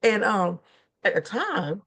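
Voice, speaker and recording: A woman's voice: mid-range voice, big pitch swings, slow pace, fairly bright tone. A middle-aged woman minister chatting casually, rambling and laughing through her stories with lots of fillers. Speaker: guest minister. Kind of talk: casual chat.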